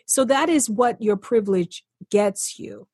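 A woman's voice: on the high side, measured pace, darkish tone, slightly rough, no echo, studio quality. A woman guest in an earnest podcast conversation, speaking with passion and repeating phrases for emphasis.

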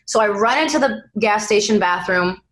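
Young woman, actress guest; casual, animated anecdotes. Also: mid-range voice, normal speed, rough recording. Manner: animated storyteller, acts out quoted voices. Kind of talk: casual interview chat.

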